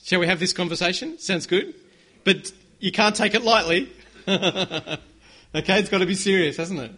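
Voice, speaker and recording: A man delivers a sermon in a high, bright voice. He speaks with earnest conviction and leads his listeners in a call-and-response. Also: moderate pace, slightly rough. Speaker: pastor.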